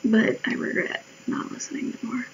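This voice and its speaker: A woman's voice: normal speed, dull audio, a little hiss or hum. A woman from the United States chatting casually while she draws on a stream, rambling, swearing and mocking herself as her voice wears out. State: voice wearing out. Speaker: livestreamer drawing. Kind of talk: casual chat while drawing.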